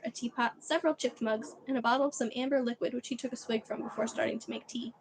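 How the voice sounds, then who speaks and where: A woman reading a children's book aloud on a livestream, expressive and chatty between chapters. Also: fairly high pitch, background noise. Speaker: reader.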